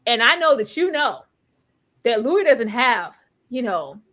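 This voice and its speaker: A woman in casual chat reviewing a TV episode, her voice high and bright. She is animated and expressive, laughing and bursting into near-yells when something surprises her. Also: measured pace. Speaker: TV review podcast co-host.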